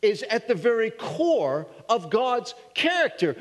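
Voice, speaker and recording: A man's voice: very high-pitched, very animated, unhurried, few pauses. A man preaching a sermon in an earnest way, thinking through hard questions aloud and sometimes restarting a phrase. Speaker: pastor. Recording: long hall reverb.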